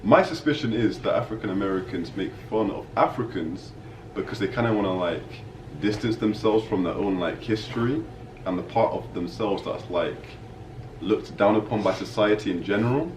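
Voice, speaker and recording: Measured low-voiced man, noisy echoey lobby. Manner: measured, leads the discussion with questions. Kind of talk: casual chat. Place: hotel lobby. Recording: roomy echo, distant mic, audible noise.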